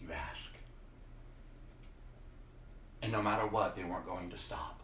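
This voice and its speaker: Man preaching, sermon, slow and emphatic, hushed moments, echoey room. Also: deep voice, recorded from a distance, a little hiss or hum. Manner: slow, emphatic, drops to a hush. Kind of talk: sermon with scripture reading. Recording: roomy echo.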